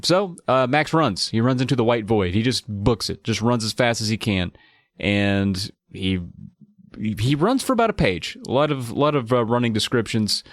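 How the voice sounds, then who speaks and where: A man's voice: lowish voice, no echo, studio quality. A man co-hosting a podcast, recapping a book plot in a wry, joking way. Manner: wry, jokey retelling. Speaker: podcast co-host. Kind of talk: casual book discussion.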